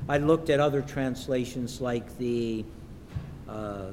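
A man preaching a sermon in a church, slow and emphatic, sometimes acting out the voices of the people in his stories. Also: darkish tone. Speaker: pastor. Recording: echoey hall with faint rumble.

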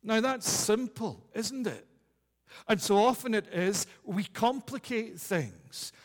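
A man's voice: high-pitched, expressive, takes it slowly, big-room sound. A man preaching a communion sermon in a church, earnest and repeating key phrases for emphasis. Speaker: pastor.

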